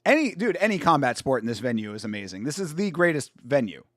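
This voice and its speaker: A young man hosting a casual live watch-along stream, chatty and excitable, full of slang and swearing. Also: medium pitch, fast, no echo, studio quality. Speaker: stream host.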